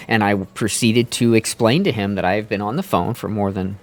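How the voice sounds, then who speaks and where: A man's voice: fairly low pitch, brisk. A man streaming live, telling a long rant in a casual, exasperated way with plenty of profanity. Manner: exasperated, profane, building anger.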